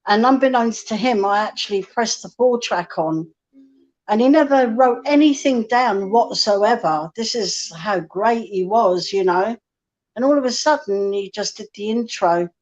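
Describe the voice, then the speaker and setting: A woman's voice: medium pitch, darkish tone. Chatty woman guest on a lo-fi live stream, storyteller who quotes others. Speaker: guest musician. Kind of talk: casual live-stream chat. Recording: dull lo-fi stream audio.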